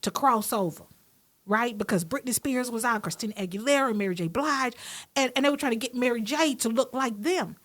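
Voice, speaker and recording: A woman guest on a podcast, a broadcaster, telling stories in a casual, lively and emphatic way. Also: a little high, brisk. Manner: lively, animated, often drops into acted-out quoted voices; emphatic, repeats words for emphasis. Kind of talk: casual conversational storytelling.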